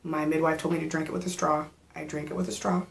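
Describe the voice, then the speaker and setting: Chatty pregnant woman, low gravelly voice. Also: quick pace, a little hiss or hum. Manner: chatty storytelling, animated quoted asides. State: pregnant, gets out of breath. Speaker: vlogger. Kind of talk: casual pregnancy vlog chat.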